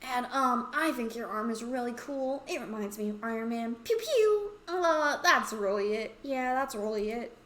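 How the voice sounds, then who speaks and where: A woman voicing an excitable young boy classmate who talks loudly and giddily in a game. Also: a little high, normal speed, hardly any pauses, roomy sound, close to an everyday voice. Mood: sheepish. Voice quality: loud and giddy.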